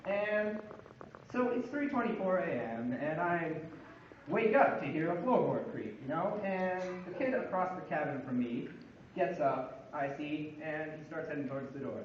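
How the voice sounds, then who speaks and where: A man with a high voice tells a funny personal story with dry, growing exasperation. He is caught from far off by the camera, so the sound is distant and dull. The big room around him echoes heavily. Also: lively intonation, moderate pace, a bit bright, a little hiss or hum. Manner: wry, building comic exasperation. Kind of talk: humorous storytelling monologue.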